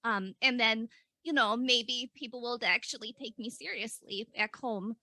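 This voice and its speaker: A woman playing a young, innocent and curious female adventurer, speaking hesitantly with many pauses. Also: a little high, sharp tone, no room sound. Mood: shy eager. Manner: hesitant, lots of "um". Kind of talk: tabletop role-play.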